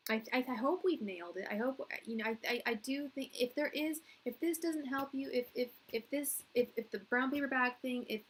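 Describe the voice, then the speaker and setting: A woman's voice: high voice, brisk, hardly any pauses, a bit bright, slightly rough, rough recording. A woman in her thirties giving a live tarot reading, rambling and earnest, full of restarts and "like", at times teary. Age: 30s. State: tearing up. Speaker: tarot reader.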